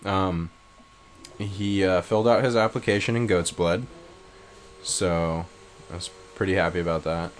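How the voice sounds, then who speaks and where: A man co-hosting a casual comedy podcast, telling absurd crude stories in a deadpan way. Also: deep voice, unhurried, long pauses, slight background noise. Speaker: podcast co-host.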